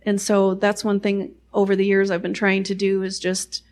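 Woman, middle-aged, faith testimony, conversational, self-deprecating, mid-pitched voice. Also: completely flat delivery, normal speed, darkish tone. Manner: chatty, self-deprecating, many "you know" asides. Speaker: guest sharing a faith testimony. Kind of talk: personal testimony storytelling.

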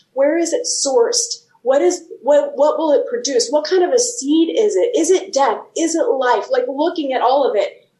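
A woman's voice: sits high, dark tone. A woman author reading her own reflective writing and then sharing her faith in an earnest, casual way. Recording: echoey room.

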